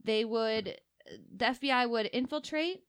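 A woman's voice: on the high side, unhurried, clean tone. A woman co-hosting a podcast in casual chat, loose and chatty, laughing often. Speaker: podcast co-host.

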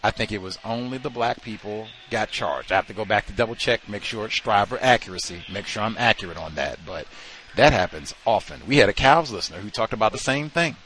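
Here a radio host with a lowish voice rambles through an improvised monologue, casual and peppered with slang and fillers. His intonation is lively, his pace fairly quick, his tone a bit bright, and a little hiss or hum can be heard.

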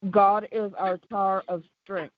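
Woman haltingly reading a devotional aloud. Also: medium pitch, flat delivery, a little hiss or hum. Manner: halting, with small slips and restarts. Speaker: caller. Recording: muffled dry phone-call line.

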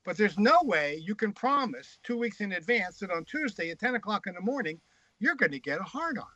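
Male guest storyteller, high bright voice, frank and crude, slightly muffled dry recording. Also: big pitch swings, fairly quick, no echo. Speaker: guest author. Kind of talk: casual anecdotal storytelling.

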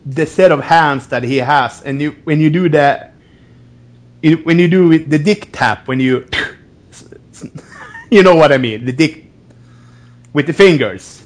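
A man's voice: fairly high pitch, a little slow, long pauses. A man in a casual podcast chat, repeating words as he talks and laughing often. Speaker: podcast co-host.

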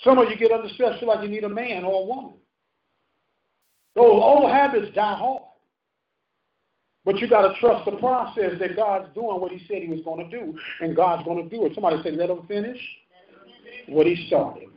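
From a distance, a roomy and muffled recording picks up a man in his fifties preaching in a church sanctuary. His high voice keeps a moderate pace, and his call-and-response sermon rises and falls for emphasis.

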